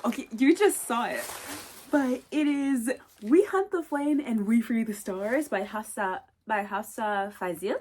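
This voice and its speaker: A young woman with a high voice talks slowly through a casual vlog. She gushes and repeats herself, gasping and slipping into excited whispers. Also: slight background noise. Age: young adult. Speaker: booktuber.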